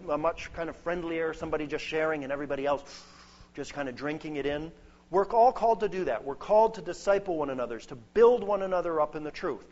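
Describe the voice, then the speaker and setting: A man preaching a sermon, earnest and emphatic, building points through lists. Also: fairly high pitch. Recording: dull lo-fi sound.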